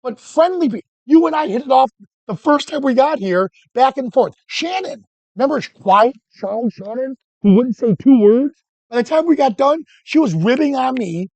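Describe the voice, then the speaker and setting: A man teaching photography who tells animated, joking stories and keeps breaking off and restarting his sentences. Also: very high-pitched, normal speed, no echo. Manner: animated anecdotes, self-interrupting, joking. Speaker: photography instructor. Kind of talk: storytelling during a workshop lesson.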